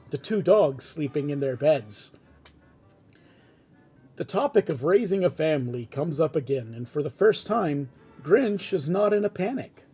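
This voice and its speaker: A man reading a fan script aloud at home, in a relaxed, chatty way with casual asides. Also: a little high, slightly rough. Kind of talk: casual read-aloud narration.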